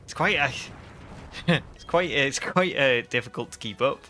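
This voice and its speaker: Guy streaming a game, bright tense voice, mid pitch, chatty and self-mocking. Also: moderate pace, soft background music. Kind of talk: casual live-stream chat.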